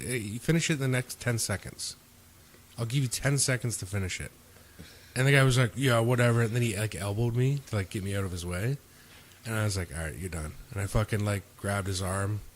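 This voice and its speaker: Man telling bouncer stories, low voice. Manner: relaxed, swears freely, acts out quotes. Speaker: podcast host. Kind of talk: casual storytelling. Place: indoors, home.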